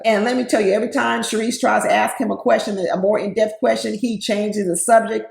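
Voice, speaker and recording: A woman's voice: mid-range voice, steady tone, brisk, creaky, hardly any pauses. A woman giving casual, opinionated commentary on a reality show, talking straight to her viewers with sass. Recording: roomy echo.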